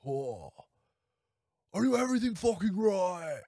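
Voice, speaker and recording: A manic, yelling male movie star with a high, strained shout, as a podcast host puts him on. The delivery swings wildly up and down in pitch and stays over the top. The sound is close and dry, with no room echo. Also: very animated, unhurried, exaggerated voice.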